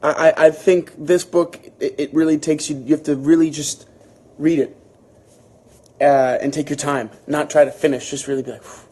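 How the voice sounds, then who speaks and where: A man hosting a book club, reading a novel aloud and then reflecting on it in a thoughtful, halting way, with frequent restarts. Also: on the high side, little pitch movement, darkish tone. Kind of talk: reading aloud and casual commentary.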